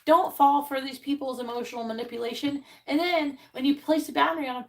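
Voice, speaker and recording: A woman's voice: high voice, a little fast, few pauses, rough recording. Blunt, profane woman tarot reader. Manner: blunt, profane, exasperated ranting. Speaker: tarot reader hosting a livestream. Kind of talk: casual livestream talk. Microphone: earbuds.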